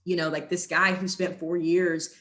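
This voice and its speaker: A woman's voice: fairly low pitch, normal speed. Frank young woman from Texas. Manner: animated, frank, many "like" fillers. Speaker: guest, sports reporter. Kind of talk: casual conversational interview.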